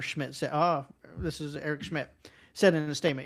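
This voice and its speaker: A man from Missouri hosting a podcast, reading news aloud and breaking into animated, mocking commentary. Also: on the high side, normal speed, vocal fry. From Missouri, USA. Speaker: podcast host.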